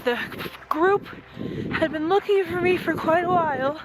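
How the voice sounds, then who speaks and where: A young woman filming herself outdoors on a snowy mountain. She speaks in a halting, breathless way, as if she is cold. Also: very high-pitched. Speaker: vlogger. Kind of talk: on-the-spot vlog clip. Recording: loud wind noise on phone mic.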